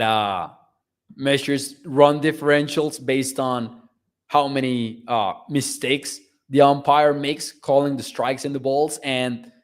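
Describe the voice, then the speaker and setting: A man hosting a sports podcast, chatting casually and reading viewer comments with frequent laughs and shout-outs. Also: medium pitch. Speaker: podcast host. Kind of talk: casual live-stream chat reading comments.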